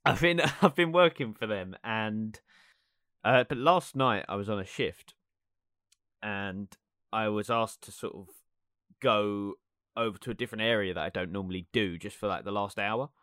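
A man's voice: fairly low pitch, normal speed, a bit bright, no room sound, clean studio sound. Rambling young guy. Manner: rambling, laughing often, many fillers. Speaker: podcast co-host. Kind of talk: casual chat, storytelling.

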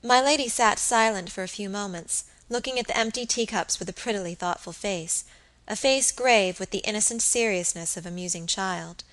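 A woman narrating a classic novel as an audiobook in a measured, expressive reading. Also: mid-range voice, rough recording.

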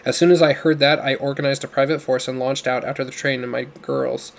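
A man doing a booming, commanding older father. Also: fairly even intonation, a little fast, vocal fry, close to an everyday voice. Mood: urgent, commanding. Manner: booming, demanding.

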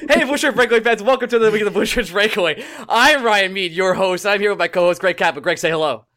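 A man's voice: high voice, fast. A young man from New hosting a podcast, ranting angrily and swearing in casual chat. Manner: angry, yelling, swearing rant. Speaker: podcast host.

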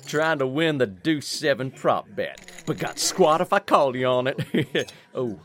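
An actor playing a rough, folksy, belligerent gambler. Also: male voice, medium pitch, animated, a little slow, fairly bright tone. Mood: brash suspicious. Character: brash, hot-tempered American gambler man.

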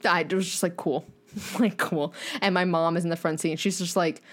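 A young adult woman, a podcast guest, telling a rambling, animated story in casual chat and saying "like" often. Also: lowish voice, brisk. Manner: animated, rambling, heavy use of "like".

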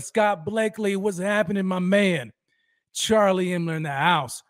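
A man hosting a fan livestream, energetically shouting out viewers by name and talking about how fired up he is. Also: high-pitched, unhurried, dry recording, studio quality. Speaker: host of a fan livestream show. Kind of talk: energetic live-stream roll call.

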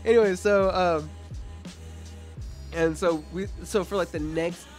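A man's voice: sits high, steady tone, measured pace, faint music behind. A man in casual podcast chat, telling a profane story and laughing through it.

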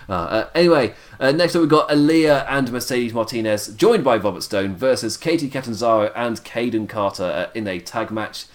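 This weary wrestling podcast host from the United Kingdom keeps the chat casual and laughs frequently, even as his voice fades. He speaks in a mid-range, animated voice at normal speed.

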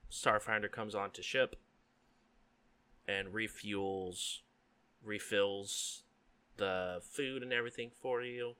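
A man narrating a tabletop game as game master, relaxed and full of ums and likes. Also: fairly low pitch, slow pace, long pauses.

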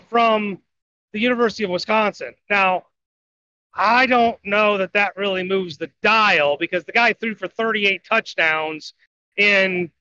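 A man's voice: high-pitched, sharp tone, a little hiss or hum. A man co-hosting a sports betting podcast, rambling through his college football and baseball picks in casual talk. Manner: rambling, self-correcting picks. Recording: dull lo-fi audio.

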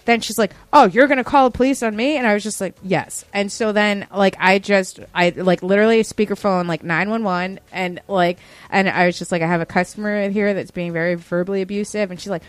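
A woman's voice: mid-range voice, a little fast, dry recording. Chatty woman acting out retail stories. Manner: animated, acts out customers in quoted voices, many "like" fillers. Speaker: podcast co-host telling a retail story. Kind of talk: casual chat, storytelling.

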